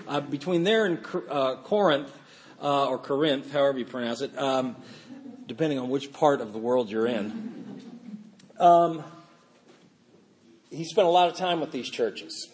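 Halting middle-aged man giving a sermon. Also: on the high side, a little hiss or hum. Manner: informal, halting, frequent fillers and restarts. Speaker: pastor.

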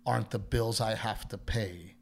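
A man's voice: on the low side, moderate pace, creaky. A male comedian telling a story in casual chat, quoting other people and swearing now and then. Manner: animated storyteller who quotes others in their voices, swears.

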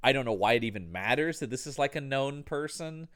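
Male podcast co-host, casual chat; blunt, cusses, exclaims; animated pitch. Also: brisk. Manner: blunt, swears freely, exclaims.

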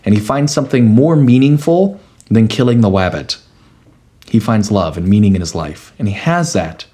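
A man's voice: on the low side, expressive, moderate pace, dark tone. A man co-hosting a podcast, walking through his ideas in a playful, analytical way. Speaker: podcast co-host. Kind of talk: casual chat.

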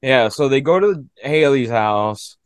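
A man's voice: medium pitch, lively intonation, a little slow, clear, resonant tone, no echo, studio quality. A man co-hosting a podcast, chatting casually about a movie in a blunt, crude way. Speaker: podcast co-host.

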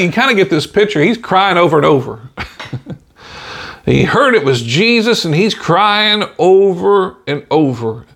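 Gravelly higher-voiced male preacher. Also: a bit bright. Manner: folksy, frequent "amen" and "you know"; chuckles between points. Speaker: podcast preacher. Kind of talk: informal podcast sermon.

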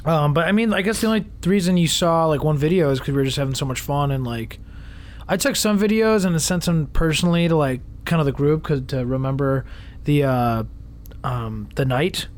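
A man's voice: on the high side, fairly quick, slight background noise. A young man, co-hosting a podcast in rambling, casual chat with lots of fillers and swearing. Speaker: podcast co-host.

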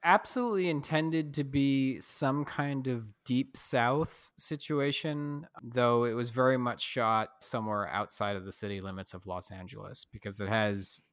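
A man's voice: lowish voice, fairly bright tone, no room sound, clean studio sound. A man from Connecticut co-hosting a casual movie podcast, joking and rambling with lots of fillers. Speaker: podcast co-host. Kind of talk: casual movie review chat.

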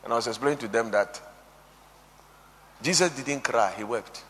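A man preaching a sermon, quoting scripture, swinging between shouted emphasis and hushed, low passages. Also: moderate pace. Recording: long hall reverb.

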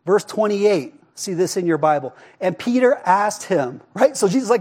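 A man preaching a sermon in a casual, conversational way, often asking "right?" and dropping to a hush for emphasis. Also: high voice, moderate pace, few pauses. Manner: expressive, drops to a hush for emphasis. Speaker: pastor.

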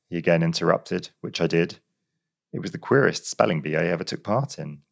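A man reading a story aloud in a wry, measured storytelling manner. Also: low voice, steady tone, creaky. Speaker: narrator. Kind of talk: scripted story narration.

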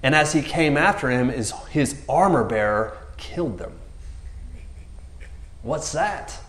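A man preaches a casual, jokey sermon and animatedly acts out the characters in raised voices. His voice is medium in pitch and slow, and the recording is reverberant.

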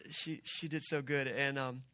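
A middle-aged man as pastor, preaching a sermon in an animated, conversational way with personal stories and side remarks. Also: medium pitch, a little slow, no room sound.

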